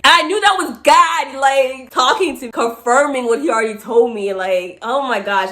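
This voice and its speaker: A woman tells a story straight to her viewers in a loose, chatty way. She laughs often, and she jumps into high voices whenever she acts out what other people said. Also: normal speed, hardly any pauses, fairly bright tone. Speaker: vlogger. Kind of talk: casual storytelling to camera.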